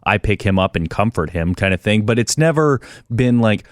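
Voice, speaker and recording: Relaxed reflective man, dry studio sound. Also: fairly low pitch, normal speed, dry recording. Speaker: podcast co-host. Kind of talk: casual chat.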